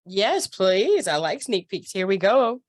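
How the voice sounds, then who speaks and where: A woman's voice: mid-range voice, very animated, a little slow. A woman hosting a casual interview, encouraging her guest and laughing easily. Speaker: interview host.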